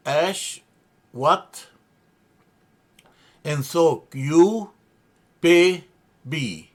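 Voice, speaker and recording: Slow, halting male teacher. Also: on the high side, breathy edge. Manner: halting, many fillers and restarts, spells out words. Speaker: language teacher. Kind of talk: slow grammar lesson.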